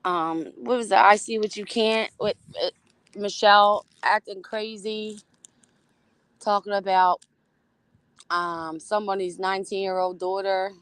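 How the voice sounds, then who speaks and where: A woman hosting a casual livestream, talking in an unhurried, drawn-out way. Her manner is blunt and gossipy, and she greets chatters by name. The sound is dry and close, with no room echo. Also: fairly low pitch, smooth. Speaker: livestream host.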